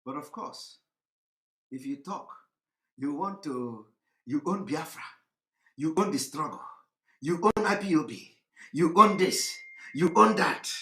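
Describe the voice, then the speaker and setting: A man delivering an impassioned, mocking monologue, often shouting and repeating himself. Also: on the high side, animated, measured pace, long pauses, echoey room. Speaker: commentator.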